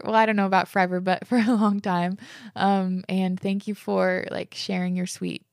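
Chatty woman with a gravelly edge. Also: medium pitch, fairly even intonation, a little fast, no room sound, studio quality. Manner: chatty, lots of fillers, reads letters aloud. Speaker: podcast host. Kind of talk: casual chat reading listener messages.

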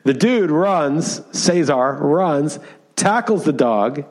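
Animated man telling a story. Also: on the high side, slow pace. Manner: animated storytelling with many fillers. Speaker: podcast co-host. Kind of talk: casual chat.

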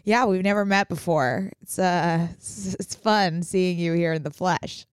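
A woman's voice: lowish voice, measured pace, clear, resonant tone, dry recording, studio quality. A young woman co-hosting a podcast with her sister, chatting in a bubbly, playful way. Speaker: podcast co-host. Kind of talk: casual chat.

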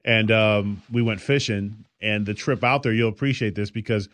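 A man's voice: lowish voice, steady tone, normal speed, a bit bright, no room sound. A man co-hosting a podcast, telling stories in a loose, rambling way with lots of fillers. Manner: rambling storyteller, many fillers. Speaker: podcast co-host. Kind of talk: casual chat.

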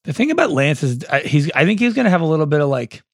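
Quick-talking dry-joking man. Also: a little high, big pitch swings, dry recording. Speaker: podcast co-host and producer. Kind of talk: casual chat.

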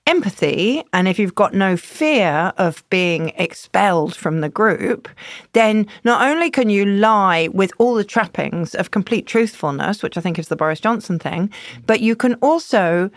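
Woman chatting on a podcast, pitch all over the place, bouncy and restless, dry close mic. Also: a little slow, dry recording. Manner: animated, thinking aloud with restarts. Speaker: journalist guest. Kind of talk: casual podcast conversation.

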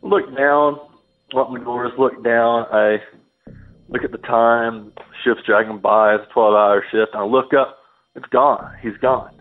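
A man's voice: mid-range voice, steady tone, a little slow. A man telling a rambling first-person story, acting out the voices of the people in it. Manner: rambling, acts out quoted voices. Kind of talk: casual storytelling. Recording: phone-line audio with faint music.

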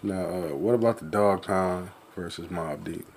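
A man co-hosting a casual live radio show, talking slowly and hesitantly. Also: low voice. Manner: slow, hesitant, reflective.

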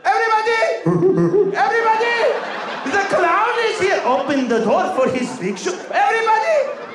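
A comedian doing a shouting, never-satisfied dad. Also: male voice, very high-pitched, sing-song, moderate pace, crowd noise, noisy background. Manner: shouting, indignant, sarcastic. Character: exasperated demanding Arab father, loud and mocking. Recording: echoey hall with audience.

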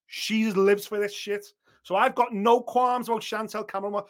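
High-voiced, swearing man talking boxing. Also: little pitch movement, moderate pace. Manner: blunt, swears freely, acts out others' words. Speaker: boxing pundit. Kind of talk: opinionated podcast chat.

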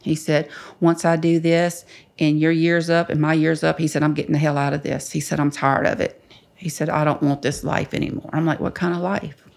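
A woman's voice: sits low, brisk, vocal fry. An older woman telling her story bluntly in an interview, swearing freely and acting out what others said. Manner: blunt, profane, quotes others in lively voices. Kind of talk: candid storytelling.

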